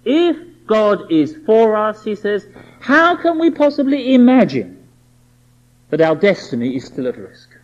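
Lively, high-voiced preacher on a dull recording. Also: male voice, unhurried. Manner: emphatic, with many rhetorical questions to the listener. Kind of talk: sermon.

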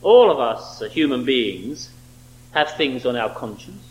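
A man's voice: mid-range voice, big pitch swings, a little slow, a little hiss or hum, low-quality recording. A man preaching a sermon, emphatic and fond of rhetorical questions.

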